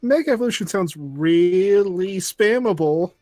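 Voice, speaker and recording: A man's voice: sits high, animated, measured pace, dark tone, no echo, faint music behind. A man chatting casually while playing a game, hesitant and full of fillers. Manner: hesitant, filler-heavy, laughing. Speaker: co-player. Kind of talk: casual gaming chat.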